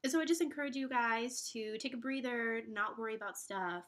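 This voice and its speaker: A woman's voice: a little high, brisk, fairly bright tone. A young woman in her twenties speaks straight to her viewers in a casual vlog. She is earnest and encouraging, and her talk is full of fillers and restarts. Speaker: vlogger giving relationship advice.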